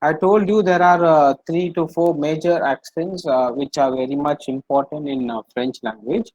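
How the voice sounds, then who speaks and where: A man's voice: fairly high pitch, normal speed, darkish tone, no echo, dull audio. A man teaching French in an online class, explaining patiently, repeating himself and using many fillers over a video call.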